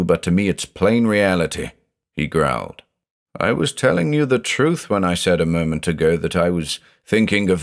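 Tormented old judge growling low, man reading him, brooding and anguished. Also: creaky. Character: tormented older male judge, haunted by murder.

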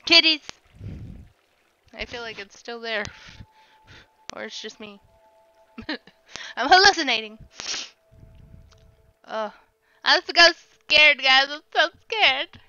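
A high, piercingly bright woman's voice commenting on her gameplay, letting out yelps and shrieks when she panics. She drags her words out slowly into a desk microphone. The recording sounds a little dull, with faint game music underneath. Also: animated, clear, resonant tone. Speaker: streamer playing a video game.

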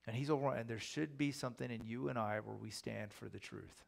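A male pastor gives a relaxed, conversational sermon with a gravelly, creaky edge to his voice. His pitch sits in a middle range, and he slips into quick voices for the people in his stories. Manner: conversational, acts out quoted voices. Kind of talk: sermon Bible teaching.

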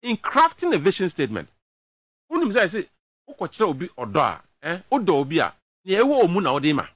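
A man's voice: sits high, wildly swooping pitch, brisk, fairly bright tone, no room sound. A man with a Ghanaian accent giving emphatic political commentary on a talk show, switching between a local language and English.

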